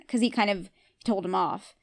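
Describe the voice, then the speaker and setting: A woman's voice: mid-range voice, unhurried, a little mellow. A woman with a voice of ordinary height hosts a podcast and recaps a TV episode scene by scene. She talks in a casual, chatty way and gives her opinion freely. She often turns to her listeners with questions. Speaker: podcast host.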